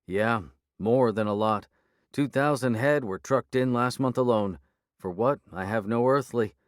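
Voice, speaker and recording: A man voicing a blunt, sardonic small-town woman sheriff, brisk and impatient, in an audiobook. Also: mid-range voice, dry recording, clean studio sound, voice pushed up, natural voice. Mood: wry. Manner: brisk, impatient, dryly sarcastic. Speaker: character voice in an audiobook.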